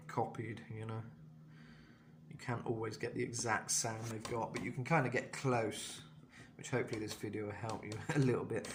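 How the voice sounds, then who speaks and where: Bright-voiced male vocal coach. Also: mid-range voice, slight background noise. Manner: thoughtful, many fillers and restarts. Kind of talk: singing lesson with demonstrations.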